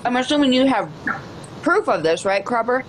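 Casual woman co-host, teasing, swears, lively voice. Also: fairly high pitch, moderate pace, noisy background. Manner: laughing, teasing, swears freely. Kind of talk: casual chat.

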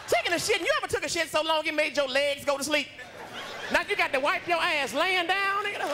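A male stand-up comedian with an unusually high voice, doing a brash, profane, self-mocking routine on a comedy club stage. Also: background noise.

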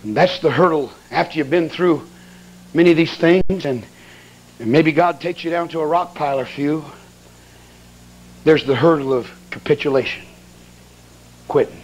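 A man preaching a sermon as an evangelist, telling a funny story in a folksy, colloquial and excitable way. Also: on the high side, moderate pace, pauses often.

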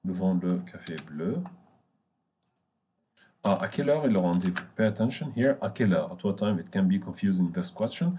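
A man teaching a French lesson in English, repeating key words and pausing on fillers as he explains. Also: lowish voice, warm tone. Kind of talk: bilingual language lesson.

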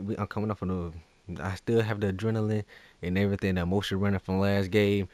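A man giving live commentary over his own gameplay as a YouTuber, ranting in exasperation and swinging between muttering and shouting. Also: fairly low pitch, fairly even intonation, fast talker, no room sound. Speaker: gaming YouTuber.

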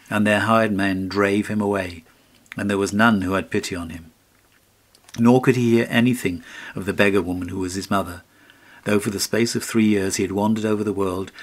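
A man reading a fairy tale aloud as an audiobook narrator, measured and solemn. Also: on the low side.

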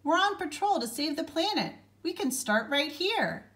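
A woman reading a storybook aloud, voicing an eager young schoolgirl who speaks brightly and earnestly. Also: high voice, sing-song, moderate pace, voice pushed up.

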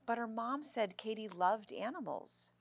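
A woman voicing a curious young girl who asks questions in a hushed way. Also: fairly high pitch, animated, measured pace, vocal fry, pitched above the performer's own voice, full character voice. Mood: puzzled.

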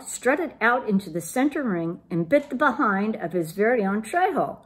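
A woman reading a children's picture book aloud in an animated, playful way. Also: mid-range voice, moderate pace, hardly any pauses. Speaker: children's storytime reader.

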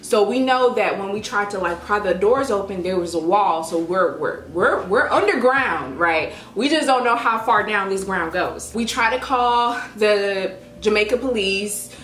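A young woman vlogger telling a story in a casual, dramatic, animated way. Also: mid-range voice, a little slow, hardly any pauses. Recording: echoey room with faint music.

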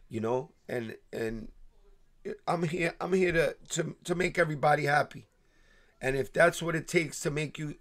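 A man hosting a casual sneaker livestream, heartfelt and restarting his words as he gives viewers shout-outs. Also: mid-range voice. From New York.

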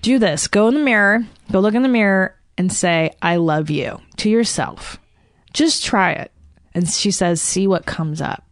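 A woman's voice: mid-range voice, moderate pace, no room sound, studio quality. A woman guest on a podcast, talking candidly and self-deprecatingly and swearing freely. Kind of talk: candid conversation.

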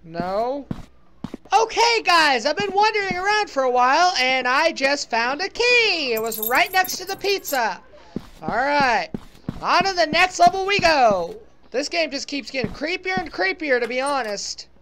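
A woman's voice: high-pitched, sing-song, a little slow, sharp tone, slight background noise. A woman playing a horror game and commenting as she goes, reacting with fright and sympathy. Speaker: let's play gamer.

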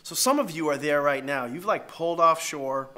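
A middle-aged man preaching a sermon as pastor, animated and acting out voices in his stories. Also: fairly high pitch, moderate pace.

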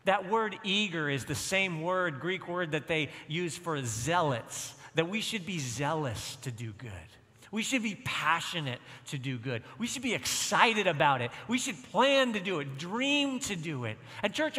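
High, bright-voiced man preaching in a hall. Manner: storytelling, emphatic repetition. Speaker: pastor. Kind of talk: sermon. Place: church.

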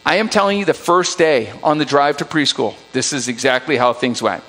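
A middle-aged man giving a forum talk to parents, animated and storytelling, acting out quotes. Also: medium pitch, brisk, hardly any pauses. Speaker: school psychologist presenting to parents. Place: school auditorium. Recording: long hall reverb.

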